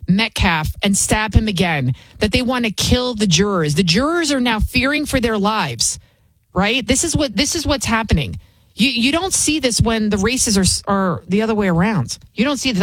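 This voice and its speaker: A woman's voice: mid-range voice, no room sound. A woman, hosting an opinionated commentary show in an indignant, repetitive rant.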